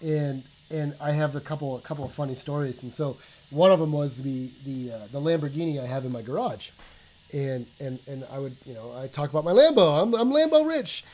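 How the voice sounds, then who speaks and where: A man's voice: mid-range voice, brisk, rough recording. A man co-hosting a casual chat from his basement, telling stories animatedly with casual swearing and lots of restarts. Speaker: co-host. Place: home basement. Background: faint hum of a water softener.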